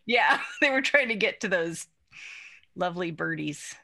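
Bright, chatty woman co-host. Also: on the low side, expressive, a little slow, vocal fry. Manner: chatty, laughs easily. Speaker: podcast co-host. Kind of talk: casual chat.

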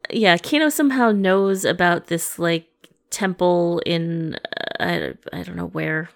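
Lower-voiced woman chatting casually. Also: unhurried, gravelly. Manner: relaxed, agreeable, many short replies. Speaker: podcast co-host. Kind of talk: casual movie review chat.

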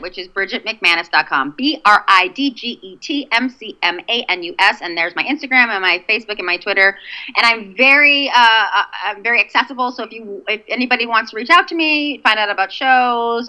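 A woman comedian with a Boston accent talks on a podcast over a video call. Her bright voice swings all over, and she tells bawdy jokes in an animated way. It is loose, playful podcast chat. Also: medium pitch, a little fast, poor audio. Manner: bawdy, animated joking with laughter. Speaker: comedian guest.

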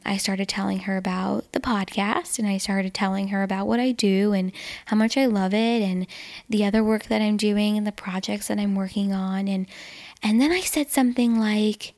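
A woman's voice: medium pitch, gravelly, a little mellow. A young woman hosting a podcast, telling a personal story in a casual, earnest way, with lots of "like" and restarts. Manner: chatty, filler-heavy, earnest and emotional. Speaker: podcast host.

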